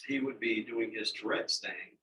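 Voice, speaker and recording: Man, 60s, folksy storyteller, bright tone, distant mic, light background noise. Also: lowish voice, moderate pace. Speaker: radio DJ guest. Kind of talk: casual chat.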